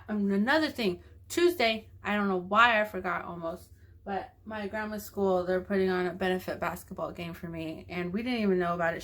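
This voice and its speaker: Grateful young woman, rambling video diary. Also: lowish voice. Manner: emotional, grateful, rambling with fillers. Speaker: vlogger.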